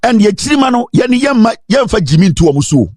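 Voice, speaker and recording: A Ghanaian man giving a fiery political rant, his fairly high voice leaping up and down as he fires off repeated rhetorical questions. He slips between English and Twi, sometimes in a sing-song lilt, and the sound is dry and close, with no room around it. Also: very animated, quick pace, a little mellow, no room sound. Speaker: political commentator.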